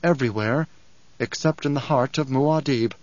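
A stern, weary young emperor with a grave and measured manner, read by a man in his usual mid-pitched voice. The audiobook recording is dry and a little dull. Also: a little mellow, dry recording, lightly acted. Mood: brooding. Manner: measured, grave, clipped when angered.

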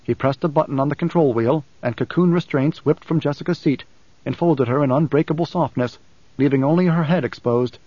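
A man reading a novel aloud in steady, even audiobook narration on a close mic. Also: on the high side, fairly quick, no room sound. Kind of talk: scripted narration. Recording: slightly dull dry studio recording.

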